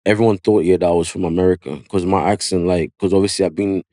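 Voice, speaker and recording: Podcast guest: male barber, London accent, low voice, slangy, animated, dry close mic. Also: fast talker, no room sound. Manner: animated storyteller, slangy, repeats "yeah" and "you know what I mean". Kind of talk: casual storytelling interview. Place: podcast studio.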